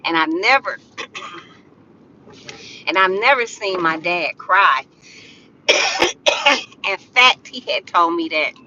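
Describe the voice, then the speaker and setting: An older woman talks slowly and unhurriedly to her livestream viewers, drawing out her words. Her voice is bright and a little sharp. It comes through a phone with slightly dull, muffled audio. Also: fairly low pitch, slight background noise. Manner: slow, drawling, talks straight to her viewers. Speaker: live streamer. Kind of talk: casual livestream chat.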